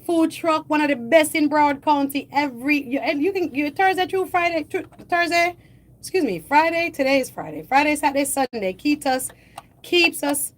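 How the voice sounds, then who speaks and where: Woman host, slightly high voice, chatty and emphatic, live studio news talk. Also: lively intonation, normal speed. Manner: conversational, emphatic, repeats points for listeners.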